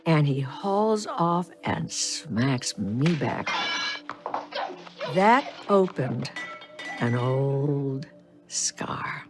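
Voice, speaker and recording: An older woman telling stories from her life in a measured way during an interview. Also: a bass voice, lively intonation. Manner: measured storytelling. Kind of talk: reflective interview. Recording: music bed behind voice.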